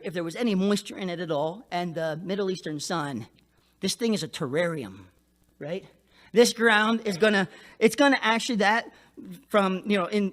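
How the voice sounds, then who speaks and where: A male pastor delivering a lively sermon from the pulpit. He acts out the people he talks about by jumping into a higher voice. His delivery swings between energetic bursts and quieter, lower stretches.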